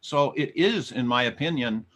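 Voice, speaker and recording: A man's voice: medium pitch, animated, moderate pace, a bit bright. A man hosting an interview, talking in a jokey, conversational way. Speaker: host. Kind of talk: interview talk.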